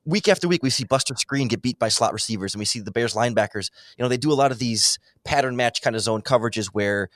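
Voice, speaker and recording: Man, podcast guest, animated football talk, quick bursts, dry close sound. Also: mid-range voice, no room sound. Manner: animated, quick, breaks into mock impressions. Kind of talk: casual football analysis chat. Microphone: remote call microphone.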